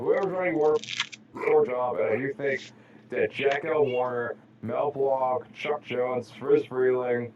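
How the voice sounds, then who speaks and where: A man's voice: mid-range voice, takes it slowly, lo-fi sound, background noise. A man chatting casually on a stream, rambling through jokey tangents. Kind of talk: casual chat.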